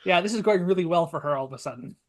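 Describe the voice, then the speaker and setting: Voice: mid-range voice, very fast. A player chatting casually at a tabletop game. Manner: casual, chatty, many fillers.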